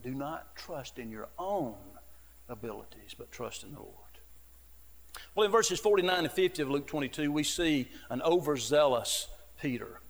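A middle-aged associate pastor preaches in a somewhat high, expressive, creaky voice at a moderate pace, in a big room with a little hiss or hum. His delivery is earnest storytelling in a conversational style with frequent "you know."

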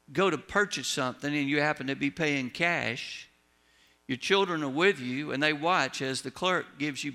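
A man preaching in a folksy storytelling way, his voice gravelly with a lot of fry. His tone is bright and forceful, pitched a little high for a man, and it sinks low at the close of each line. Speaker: pastor. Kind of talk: sermon.

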